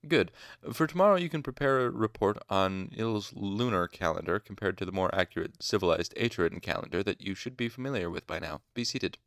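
A man voicing a stern, cutting university master who speaks with sarcastic, mock courtesy. The voice sits low and sounds dry and close. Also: expressive, brisk, fairly bright tone, no room sound. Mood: mock courteous.

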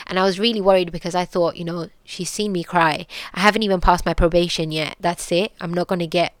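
A woman's voice: fairly low pitch, steady tone, a little fast, dry recording. A young woman with a British accent tells a personal story earnestly, with many fillers and restarts. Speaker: podcast guest sharing her story.

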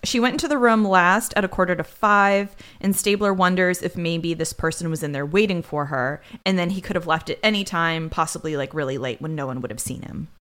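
A woman's voice: on the low side, a little fast, hardly any pauses, fairly bright tone. Sarcastic woman recapping a crime episode. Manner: chatty, sarcastic asides while retelling the plot. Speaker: podcast co-host.

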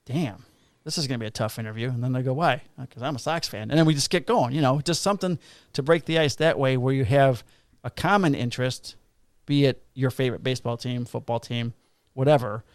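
A man's voice: medium pitch, a little fast, no room sound. A middle-aged man, a police officer co-hosting a podcast, joking and laid-back, swearing casually.

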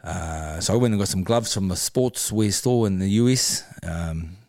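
Appearing as a podcast guest, a former boxer with a New Zealand accent tells stories in a laid-back interview, swearing freely and laughing along the way. His voice is low and darkish at a normal speed, recorded dry in studio quality.

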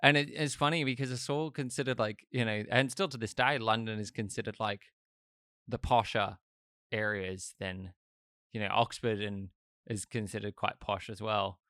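A man from Australia with an Australian accent, chatting casually in a blunt, animated way. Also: on the low side, moderate pace, smooth, no echo, clean studio sound. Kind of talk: casual chat.

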